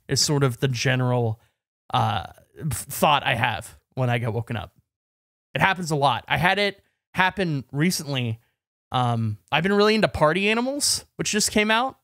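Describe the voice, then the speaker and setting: A man's voice: on the high side, very animated, normal speed, gravelly, fairly bright tone, no echo, studio quality. A man co-hosting a podcast, telling a long rambling story full of "like" and restarts in casual chat. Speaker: podcast co-host.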